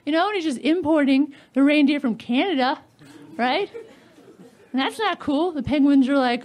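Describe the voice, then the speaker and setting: A woman comedian doing a stand-up set of dark one-liners, giggling at her own jokes on a club stage mic. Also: high voice, expressive, moderate pace. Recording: live club set with audience laughter and noise.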